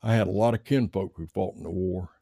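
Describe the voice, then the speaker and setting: A man's voice: low-pitched, fairly quick, vocal fry, warm tone, slightly rough, no echo, clean studio sound, exaggerated voice. A man voicing a friendly, easygoing modern hunter in a story.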